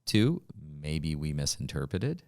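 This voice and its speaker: A man's voice: rumbling low, big pitch swings, a little slow, darkish tone. A man hosting a casual interview, chatty and agreeable, reacting readily to his guest. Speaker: host of a real estate talk show.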